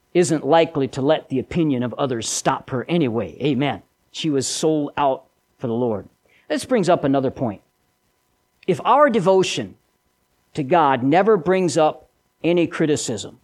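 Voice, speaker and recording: A man preaching a sermon with an emphatic delivery, repeating key lines and swinging between loud and soft. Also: a little high.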